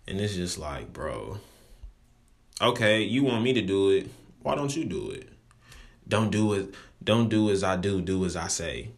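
Deep-voiced young man ranting casually. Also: expressive, moderate pace. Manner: loose and profane, rambling with restarts. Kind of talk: casual monologue to camera.

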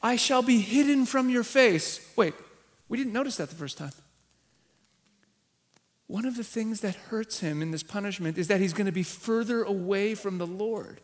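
A man with a high-pitched voice preaches a sermon as a visiting rabbi. He teaches with animated emphasis and acts out the voices he quotes. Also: normal speed.

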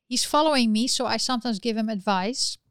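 Chatty woman with a smooth, higher voice. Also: brisk, no echo, studio quality. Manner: chatty, opinionated, with frequent restarts. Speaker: live chat host. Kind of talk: casual livestream chat.

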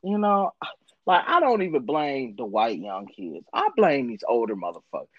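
A man hosting a podcast, telling a story in loose, profane chat. His pitch swings widely as he acts out the people he quotes. The sound is dry, a little dull and lo-fi. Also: very animated, normal speed, slightly rough, no echo. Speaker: podcast host.

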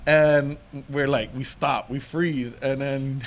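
A man's voice: medium pitch, steady tone, a little slow. A man co-hosting a casual podcast chat, telling a long story in a rambling way and laughing often. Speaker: podcast co-host.

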